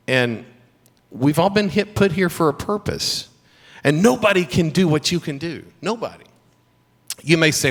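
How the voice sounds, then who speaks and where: A man's voice: on the high side, very animated, measured pace. A middle-aged man with a Southern accent giving a chapel talk to students, telling stories with humor and encouragement. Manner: warm storytelling with humor and faith encouragement. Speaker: guest speaker at a school chapel. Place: school chapel. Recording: long hall reverb.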